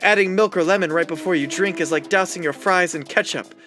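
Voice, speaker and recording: A man's voice: high voice, bright, forceful tone, faint music behind. A man putting on a haughty prim young woman. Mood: lofty. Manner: lofty, fussy, deliberate reading of game dialogue.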